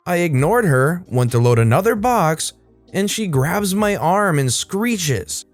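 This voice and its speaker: Lively high-voiced man reading stories. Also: measured pace, no echo, faint music behind. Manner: lively, animated storytelling. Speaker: storytime channel host. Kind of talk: reading online stories aloud.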